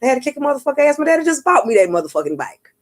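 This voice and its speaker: A woman's voice: sits high, rapid-fire. A woman vlogger and spiritual reader telling a story in a casual monologue, cursing freely, acting out what others said and checking in with her viewers. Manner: profane, street-talking, keeps asking "you get what I'm saying"; animated, acts out what others said.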